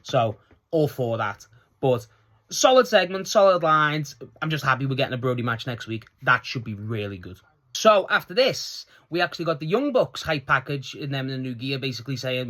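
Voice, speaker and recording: A man talking through a wrestling episode in a loose, casual solo review. His voice is bright and forceful, and he swears freely as he recounts each segment with eager enthusiasm. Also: mid-range voice, moderate pace. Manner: excitable, swearing, laughing, recounting scenes.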